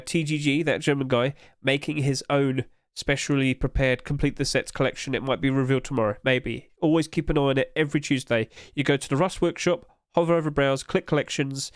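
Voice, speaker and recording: A young man, streaming and chatting casually and rambling with animated energy. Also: medium pitch, no echo, studio quality. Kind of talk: casual live-stream chat.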